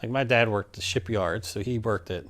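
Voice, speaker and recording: A man's voice: fairly low pitch, moderate pace, fairly bright tone. A man from Maryland being interviewed, telling a personal story in a plainspoken, rambling way and acting out the back-and-forth of old conversations. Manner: plainspoken, rambling, acts out quoted exchanges.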